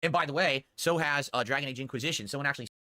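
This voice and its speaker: A man's voice: mid-range voice, rapid-fire, bright, forceful tone, dry recording. A man streaming live, chatting casually and answering viewer tips in a rambling way that repeats itself. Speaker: livestreamer.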